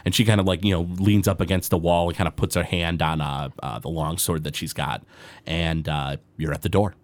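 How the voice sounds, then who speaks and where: Deep-voiced, halting game master. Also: male voice, steady tone. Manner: halting, full of fillers. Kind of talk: narrating a tabletop game.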